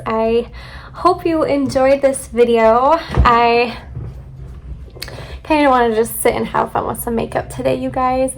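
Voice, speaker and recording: A woman's voice: fairly high pitch, fairly even intonation, measured pace, creaky. Chatty young woman beauty vlogger. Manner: chatty, talks to viewers as "you guys". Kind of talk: casual get-ready-with-me chat.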